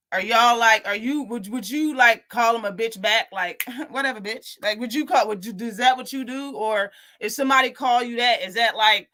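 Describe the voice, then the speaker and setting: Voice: medium pitch, pushed and bright. A live boxing talk show host ranting in a heated, profane, casual way.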